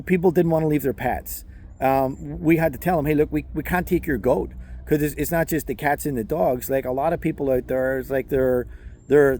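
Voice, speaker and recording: A middle-aged man hosting a channel, telling a personal story in a casual monologue, halting with frequent restarts and fillers. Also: on the high side, dark tone. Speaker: channel host.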